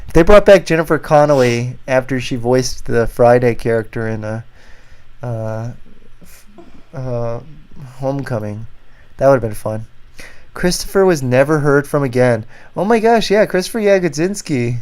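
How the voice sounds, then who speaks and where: A man's voice: mid-range voice, lively intonation, moderate pace, a little mellow, smooth. A man hosting a casual livestream, chatting loosely and reading viewer comments aloud. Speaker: livestream host.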